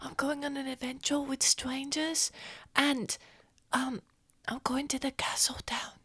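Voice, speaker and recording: A woman voicing an eager, scheming young boy in whispered role-play, speaking in a hushed, earnest whisper. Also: high-pitched, little pitch movement, unhurried, dry recording, voice pushed up. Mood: hushed excitement.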